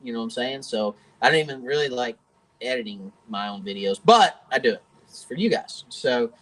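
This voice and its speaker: A man's voice: mid-range voice, animated, brisk, low-quality recording. Folksy man, chatty host. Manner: folksy, chatty, laughs often. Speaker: host of a fishing channel. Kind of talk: live-stream Q&A chat. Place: home workshop.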